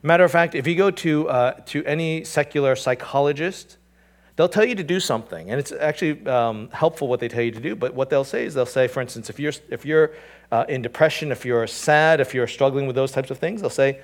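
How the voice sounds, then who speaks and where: A man preaching from the pulpit as pastor. He drops low and quiet when reading scripture, then lifts his voice for emphatic points. He repeats himself as he works toward a point and keeps asking the room rhetorical questions. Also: a little fast. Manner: repeats and restarts phrases, asks the congregation rhetorical questions. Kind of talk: sermon.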